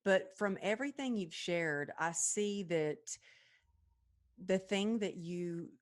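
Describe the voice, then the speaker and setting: Woman podcast host, lowish pitch, gushing, upbeat interviewer. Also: slow pace. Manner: effusive, gushing praise with warm laughs. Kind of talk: casual interview chat.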